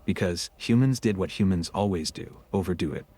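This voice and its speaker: A man's voice: low voice, brisk, dark tone, breathy edge. A man co-hosting a scripted podcast, telling history with wry jokes. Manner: joking, wry storytelling. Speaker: co-host.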